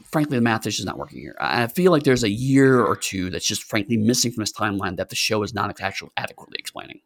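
Podcast guy with a gravelly voice, rambly and sarcastic, lots of ums. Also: mid-range voice. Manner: rambling, sarcastic, many fillers and restarts. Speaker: podcast co-host. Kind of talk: casual podcast chat.

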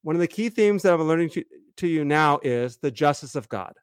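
A man's voice: a little high, animated, brisk, clear, resonant tone, dry recording, studio quality. A man co-hosting a casual scholarly Bible discussion, walking through the Greek text step by step and often restarting his sentences. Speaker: co-host, Bible teacher.

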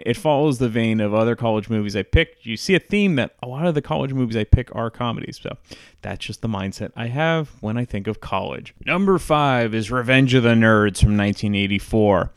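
A man hosting a casual countdown of comedy movies, chatty and relaxed, with frequent fillers. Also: mid-range voice, smooth, no echo, studio quality. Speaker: host.

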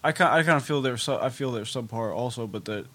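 A man's voice: medium pitch, fast, bright, forceful tone. A man co-hosting a podcast, chatting in a laid-back way with short replies. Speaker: podcast co-host. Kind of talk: casual chat.

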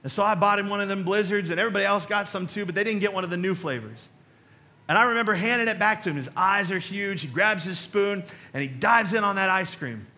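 Male pastor, high-pitched and sharp-toned, preaching conversationally with jokey asides and repeated punchlines. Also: fast talker. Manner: conversational, with joking asides and rhetorical questions; emphatic, repeats key phrases. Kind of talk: sermon.

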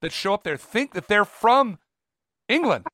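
A man chats on a podcast, full of excitement and rambling through restarts. His voice sits a little high. The sound is dry and close, with no room around it. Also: a little slow, dry recording. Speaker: podcast co-host. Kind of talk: casual podcast chat.

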